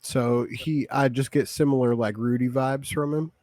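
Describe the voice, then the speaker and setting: A man playing a tabletop game, talking in a dry, halting way. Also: medium pitch, steady tone, a little mellow, no room sound. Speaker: player. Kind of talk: casual play and in-character talk.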